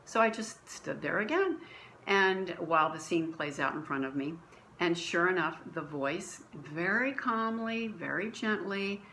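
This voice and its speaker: Woman, low voice, church testimony recorded at home, earnest, restarts often, faint hiss. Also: normal speed, gravelly, fairly bright tone, rough recording. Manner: earnest storytelling with many restarts. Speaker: church member sharing a testimony. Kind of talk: personal faith story, conversational. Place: at home, dining room.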